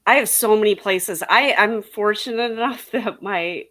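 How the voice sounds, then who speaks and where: A woman's voice: mid-range voice, normal speed, a bit bright. A woman in a casual panel chat who talks in a chatty way, laughs easily and uses many fillers.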